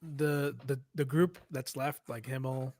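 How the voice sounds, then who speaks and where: A man's voice: mid-range voice, measured pace, dry recording. A man co-hosting a podcast, retelling episodes in a casual, profane, laughing way. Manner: profane, animated, laughing storyteller. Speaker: podcast co-host. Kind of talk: casual recap chat.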